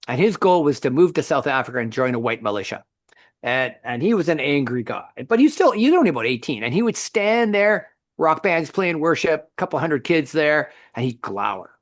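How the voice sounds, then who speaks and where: A middle-aged man co-hosting a faith podcast, telling a story in a lively conversational way with frequent restarts. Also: a little high, normal speed, no echo, studio quality. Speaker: podcast co-host.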